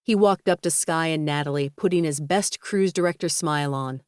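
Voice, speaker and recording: A woman reading a romance audiobook in a steady, even storytelling voice on a close studio mic. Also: sits low, moderate pace, clean tone, dry recording. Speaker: audiobook narrator. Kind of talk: scripted narration.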